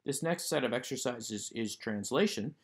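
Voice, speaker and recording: Speaking in a medium-pitched, animated voice at a moderate pace, a man records a Hebrew grammar lesson. He moves through the workbook exercises in order, explaining each one methodically.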